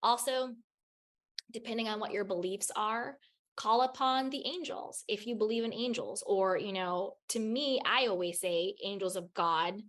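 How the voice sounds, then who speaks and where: Speaking at normal speed in a mid-range, slightly bright voice, a woman shares spiritual advice with raw candor as a podcast guest. She's emphatic, swearing freely and repeating phrases to drive points home.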